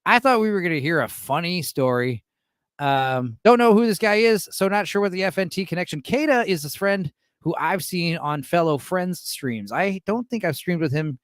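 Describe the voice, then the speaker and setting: Streamer host, man in his thirties, swears freely, bouncy delivery, slightly raised pitch. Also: moderate pace, dry recording, clean studio sound. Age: 30s. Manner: animated, profane, laughs often. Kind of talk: live reaction stream commentary.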